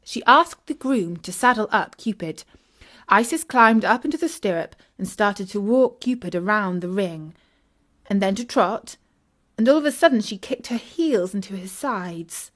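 A woman narrating a children's audiobook, clear and expressive. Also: mid-range voice, normal speed. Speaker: storyteller.

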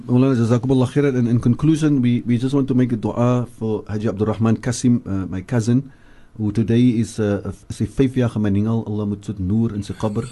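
Mellow, earnest South African man teaching. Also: medium pitch, fairly even intonation. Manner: recites verses slowly, then explains with emphatic repetition. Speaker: Islamic scholar and regular radio guest. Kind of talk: radio religious teaching. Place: radio studio.

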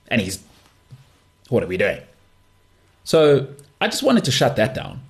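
A man's voice: medium pitch, animated, moderate pace, long pauses. A man hosting a podcast, talking about sport on his own in an emphatic, dismissive way and repeating phrases for effect. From South Africa. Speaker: podcast host. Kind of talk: opinionated solo sports talk.

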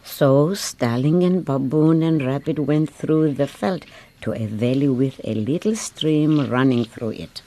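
Children's story narrator, woman, very low mellow voice, unhurried. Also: slight background noise.

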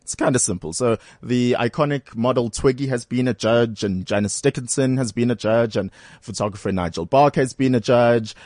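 A male radio host with a playful, teasing, chatty delivery. His voice sits at an ordinary middle pitch. The sound is close and dry. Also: a little mellow, dry recording. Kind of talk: casual radio chat.

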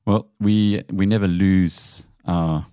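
South African man, South African accent, interview host, very deep voice, long friendly questions. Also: steady tone, takes it slowly, dark tone, clean tone, dry recording, clean studio sound. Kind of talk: conversational interview.

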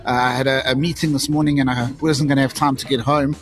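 Brief: jokey South African co-host, mid-pitched, talking from a café with clear music playing behind. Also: male voice, level tone, quick pace. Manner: jokey, upbeat, chatty. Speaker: podcast co-host. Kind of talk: casual chat. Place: busy coffee shop.

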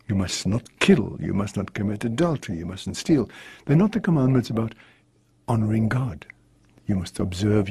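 A priest reading scripture and then giving an earnest, reflective homily. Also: male voice, lowish voice, dark tone, breathy edge.

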